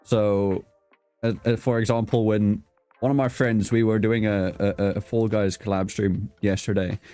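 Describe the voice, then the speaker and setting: Low-voiced man, British-South African accent. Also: steady tone, moderate pace, dark tone, faint music behind. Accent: mix of British and South African English. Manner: rambling, swears casually, laughs often. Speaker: host. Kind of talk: casual video-call interview.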